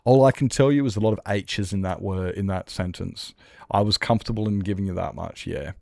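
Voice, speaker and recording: A man's voice: low-pitched, fairly quick, creaky, a little mellow, no echo. Joking Australian man on a dry mic. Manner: joking, self-mocking banter with chat. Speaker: streamer. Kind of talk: casual gaming stream chat.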